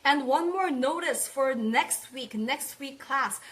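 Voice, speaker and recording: Young woman, high voice, upbeat online language teacher who drills words by repetition. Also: a bit bright. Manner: repeats words slowly for practice, cheerful praise. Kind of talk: live online language lesson.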